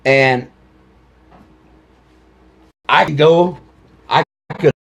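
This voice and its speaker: Gravelly, angry father ranting on camera. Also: on the high side, very slow, slight background noise. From Ohio. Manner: angry, accusing, repetitive, swearing. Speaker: grieving father addressing officials. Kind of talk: angry direct-to-camera video rant.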